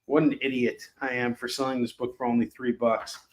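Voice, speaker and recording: A man hosting a live shopping stream, selling comics in a casual, chatty pitch, with sarcastic jokes and lots of fillers. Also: level tone, a little fast.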